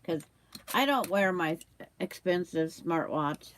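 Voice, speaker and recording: Older lady with hiccups chatting on her sewing livestream, kinda low voice, easygoing. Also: animated, slow pace, slight background noise. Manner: chatty, reads out viewer comments, hiccups. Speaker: quilting livestream host. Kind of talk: casual chat while sewing on a livestream.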